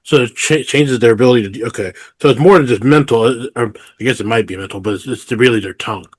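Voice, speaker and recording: Podcast co-host, adult man, laid-back, thinks out loud, dry close-mic sound. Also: medium pitch, fast, husky, dry recording. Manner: easygoing, muses aloud. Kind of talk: casual chat, reading out news stories.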